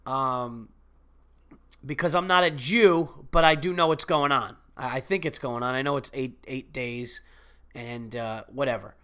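A man's voice: medium pitch, unhurried, sharp tone, clean tone. A man with a cold hosting his own podcast, talking in a rambling, profane, chatty way. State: sick with a cold. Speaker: podcast host and comedian. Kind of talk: casual solo podcast monologue.

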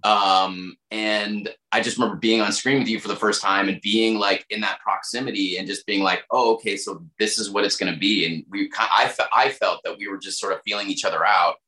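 Bright-voiced actor in an echoey room. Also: male voice, lowish voice, a little fast, few pauses. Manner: relaxed, reflective storytelling. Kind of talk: casual interview talk.

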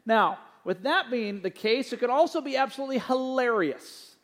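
A middle-aged man preaches in a church sanctuary, relaxed and conversational, leaning on fillers and stories. His voice sits unusually high for a man. The sound carries a long hall reverb. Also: normal speed. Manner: conversational, anecdotal, many fillers. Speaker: pastor. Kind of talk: sermon with announcements.

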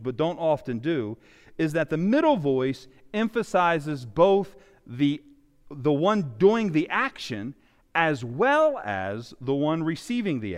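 A male pastor preaching a sermon, with animated emphasis that swings loud and soft. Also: fairly high pitch. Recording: long reverb of a large hall.

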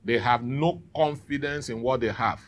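A man's voice: medium pitch, normal speed. A man preaching a sermon in church, calling out to the congregation for responses. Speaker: pastor.

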